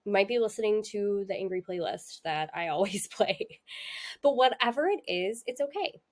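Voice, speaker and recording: A woman's voice: medium pitch, expressive, moderate pace. A young woman hosting a casual astrology talk, chatty and candid, laughing often and using many fillers. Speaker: astrology host. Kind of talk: casual spiritual talk to camera.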